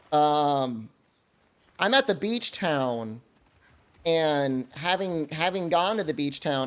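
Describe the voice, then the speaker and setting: A man streaming a game, telling a funny story in a casual, animated way and laughing often. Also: on the high side.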